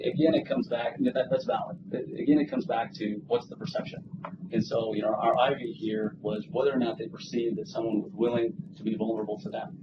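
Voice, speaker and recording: Distant lo-fi man presenting research. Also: medium pitch. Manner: earnest, explanatory, with small restarts. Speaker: job candidate presenting research. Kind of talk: academic presentation with Q&A. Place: seminar room. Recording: distant, dull lo-fi with room noise.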